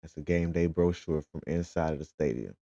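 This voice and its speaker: A man's voice: extremely low pitch, a little fast, dry recording, lo-fi sound. A father, casually retelling his day as a fan and acting out the conversations he had. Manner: animated, retells conversations in quotes. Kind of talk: casual storytelling vlog.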